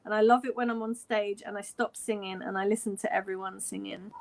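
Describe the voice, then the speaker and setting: Speaking slightly fast in a gravelly, medium-pitched voice, an English fan in her forties from London shares a story on a video call. She retells it casually and animatedly, quoting dialogue and often laughing.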